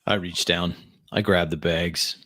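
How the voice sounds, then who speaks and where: A man's voice: low-pitched, fairly even intonation, a little slow, bright, forceful tone, no echo. A man playing a tabletop game in character, blunt and casual. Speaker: player.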